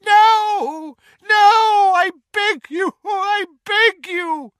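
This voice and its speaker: A man's voice: very high voice, extremely slow, fairly bright tone, no room sound, clean studio sound, voice pushed up, full character voice. A man doing a frail old man begging. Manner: desperate pleading screams.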